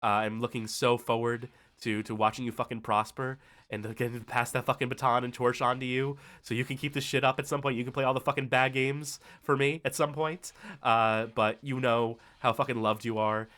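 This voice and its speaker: A male stream host with a mid-range, level, slightly bright voice gives a casual thank-you speech, rambling and swearing heavily. He halts and restarts with many fillers, sounding tired and emotional.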